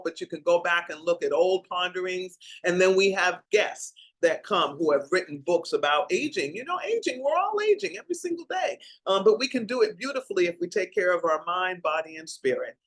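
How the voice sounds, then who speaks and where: A woman's voice: on the low side, normal speed, few pauses, fairly bright tone, poor audio. An older woman hosting a heartfelt talk show, speaking in an emotional way and stretching out her words. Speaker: host.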